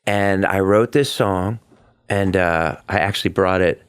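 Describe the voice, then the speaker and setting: Excitable middle-aged man telling a story. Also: deep voice, unhurried, clear, resonant tone. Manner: excitable, acts out quotes with big vocal swings; earnest and heartfelt. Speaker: guest, Broadway performer. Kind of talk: animated personal storytelling.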